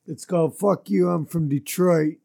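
A man's voice: on the high side, normal speed, gravelly, dark tone. A man hosting a casual interview, asking easygoing questions. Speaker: host.

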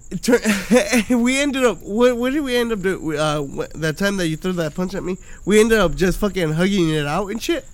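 A man's voice: high voice, moderate pace, slight background noise. A drunk man telling a rambling, profane story in casual podcast chat, acting out what people said. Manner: profane, rambling, acts out quoted dialogue.

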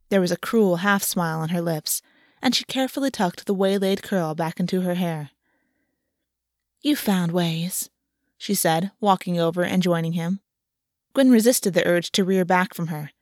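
A woman narrating a fantasy audiobook in a calm, even storytelling manner. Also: on the low side, no room sound, clean studio sound.

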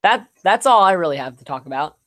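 A man's voice: high-pitched, fast talker. Young man chatting casually about sports. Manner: relaxed, rambling with fillers and restarts. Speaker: podcast co-host.

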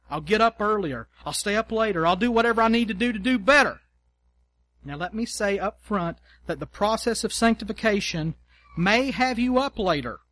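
A man with a high voice delivers a sermon from the pulpit. He talks conversationally, acting out quoted prayers and hammering his points home by repetition. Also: a bit bright. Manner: conversational preaching with mock quotes and emphatic repetition. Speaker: pastor.

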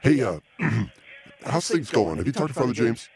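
A man's voice: mid-range voice, big pitch swings, moderate pace, vocal fry, husky. A man hosting a casual live podcast, dry and meandering, easily exasperated. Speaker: podcast host.

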